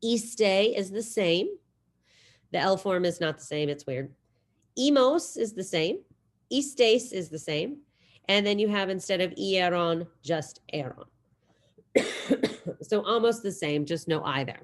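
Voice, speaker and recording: A woman teaching a Spanish class over a video call. She sometimes drills verb forms slowly and clearly, then talks quickly. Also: medium pitch, lively intonation. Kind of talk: online class lecture with screen share. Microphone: computer mic on video call.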